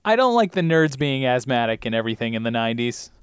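Low-voiced, animated woman podcaster. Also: quick pace, smooth, dry recording, studio quality. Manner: pun-loving, giggly, jokey. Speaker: podcast co-host. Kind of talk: casual chat.

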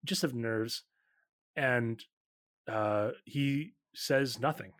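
Male game master, unhurried, lots of "uh" and "um", dead-dry mic. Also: medium pitch, dry recording. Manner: relaxed, halting narration with many fillers. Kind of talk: narrating a tabletop game.

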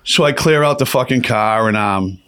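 A man's voice: lowish voice, normal speed, a bit bright, smooth, dry recording, clean studio sound. A man telling a rambling, profane story in casual conversation as a podcast guest.

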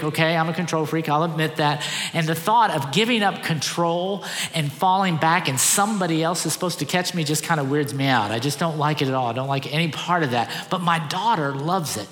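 A middle-aged man, a pastor, giving an animated, conversational sermon with lots of repeated phrases. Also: a little high. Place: church auditorium. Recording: echoey church hall.

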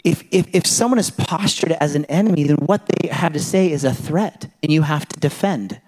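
A man preaching a sermon in a conversational, animated way, full of rhetorical questions and illustrations from his home life. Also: fairly high pitch, normal speed. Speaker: pastor.

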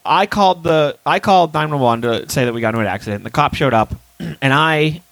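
A man chatting on a podcast, his pitch sitting a touch high and swinging widely as he tells a story. He swears freely and acts out the people in it. The mic is close and dry, with no room sound. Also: fairly quick, no room sound, poor audio. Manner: profane, animated storytelling with shouted re-enactments. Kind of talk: casual podcast chat.

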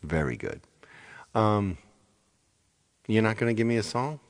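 Low-voiced chatty man, lively pitch. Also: unhurried. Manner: rambling, repeats phrases, chatty. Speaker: singer live-streaming to viewers. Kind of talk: casual chat with viewers.

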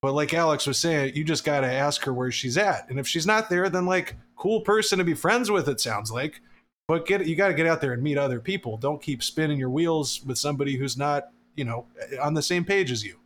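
A man's voice: on the high side, a little fast, a bit bright, slight background noise. A man hosting a podcast in casual chat, joking, laughing and swearing loosely. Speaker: podcast host.

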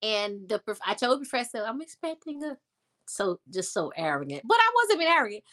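A woman telling a story in a casual interview, animated and acting out the voices of people she quotes. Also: mid-range voice, a little fast. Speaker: interview guest.

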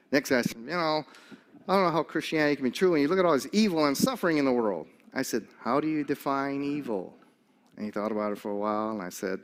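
Animated older male preacher. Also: mid-range voice. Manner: animated storyteller, acts out quoted voices, chuckles often. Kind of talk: sermon with personal stories.

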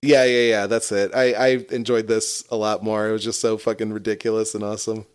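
A man's voice: lowish voice, flat delivery, brisk, clear, resonant tone. Laughing, swearing man in casual chat. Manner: laughs a lot, swears freely. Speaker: podcast co-host.

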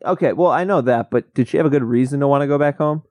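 A man's voice: mid-range voice, fast talker, a little mellow, dry recording. A man in casual podcast chat, curious, asking questions with dry asides. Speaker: podcast co-host.

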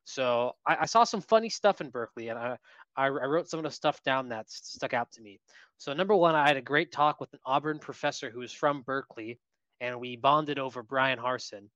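A man co-hosting a casual sports podcast, telling lively stories about what he saw at a game. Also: mid-range voice, a little fast, no room sound, dull audio. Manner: lively anecdotal storyteller. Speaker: podcast co-host.

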